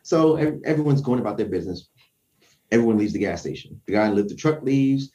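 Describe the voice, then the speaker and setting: A man casually telling a tense personal story, acting out his own quotes with lively shifts. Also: medium pitch, fairly quick, distant mic.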